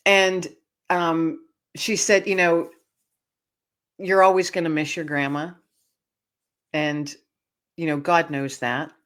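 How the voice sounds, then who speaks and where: Low-voiced woman telling a heartfelt story. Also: slow pace, pauses often. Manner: animated, laughing, with restarts and fillers. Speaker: guest author. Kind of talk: personal storytelling in an interview.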